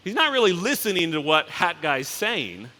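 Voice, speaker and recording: Speaking with a high-leaning, very animated voice that's bright and forceful, the CEO gives a relaxed conference keynote. In the echoing expanse of a large hall, he tells stories and slips into quick voices for each character.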